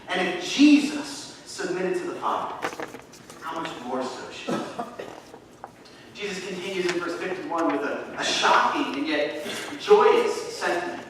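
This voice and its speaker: A man preaching from the pulpit with an emphatic, repetitive delivery and a fairly high voice. His words ring through a big, echoey church hall, picked up from some distance away, with a faint background hum. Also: huge pitch swings, measured pace, a bit bright. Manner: emphatic, repeats key phrases. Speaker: associate pastor. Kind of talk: sermon. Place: church sanctuary.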